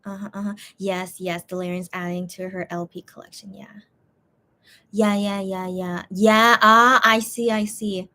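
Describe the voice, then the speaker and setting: Woman streamer, casual eating chat, rambling, repeats herself, tired and full, mid-pitched voice. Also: a little slow. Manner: rambling, repeats words, lively swings in pitch.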